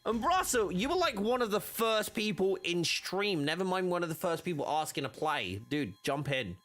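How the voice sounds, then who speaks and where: A man's voice: high-pitched, big pitch swings, normal speed, a bit bright, soft background music. A young man live-streaming a game, talking casually and rambling with many restarts.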